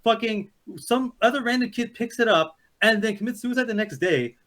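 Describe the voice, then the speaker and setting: A man's voice: high-pitched, moderate pace. A man co-hosting a casual movie review chat, telling a long story with lots of swearing and rambling asides. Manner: excited, profane, rambling storytelling. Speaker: podcast co-host.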